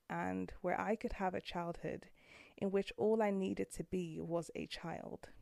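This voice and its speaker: A woman's voice: on the low side, gravelly, a little mellow, dry recording. A woman in her thirties hosting a podcast from a room at home, speaking in a heartfelt, earnest way that turns emotional. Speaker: podcast host. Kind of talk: personal podcast monologue.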